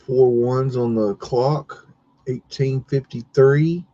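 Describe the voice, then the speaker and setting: A man's voice: mid-range voice, fairly even intonation, slow, dark tone. A man chatting casually on a livestream, hesitant, with many fillers and restarts. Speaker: podcast co-host. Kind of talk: casual livestream chat while browsing maps. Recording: dull lo-fi stream audio.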